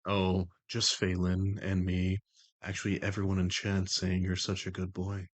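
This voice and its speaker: A sultry, deep-voiced male charmer, put on by a streamer, speaks in slow, low, coaxing tones full of doting praise. His voice sits low and close on a dry, deadened mic with no room sound. It is a live stream persona bit. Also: monotone, no room sound.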